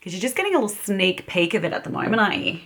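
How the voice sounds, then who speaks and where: A woman's voice: mid-range voice, sing-song, rapid-fire, fairly bright tone. An Australian woman chatting casually as a beauty vlogger while doing her makeup, giggling often. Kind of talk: casual get-ready-with-me chat.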